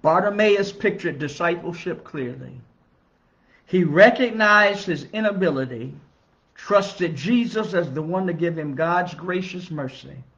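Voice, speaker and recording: A man's voice: high voice, fairly bright tone. Earnest male minister teaching, lo-fi. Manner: measured, earnest teaching with emphatic rises on key phrases. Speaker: minister teaching a Bible study. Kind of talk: Bible study lesson. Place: church. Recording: dull lo-fi recording.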